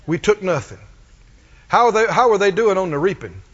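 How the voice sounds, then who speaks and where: A man with a strikingly high voice preaches a sermon, pressing each point and calling on the congregation to answer back. The sound is muffled and lo-fi, with a long reverb trailing off the walls of a church hall. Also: sing-song, fairly quick, fairly bright tone, breathy edge. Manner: emphatic call-and-response preaching.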